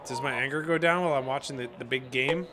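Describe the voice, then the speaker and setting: A man's voice: mid-range voice, quick pace, noisy background. A man hosting a gaming channel, chatting in a bemused way to himself as he plays a game. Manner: chatty, bemused, talking to himself while playing. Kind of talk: let's play commentary.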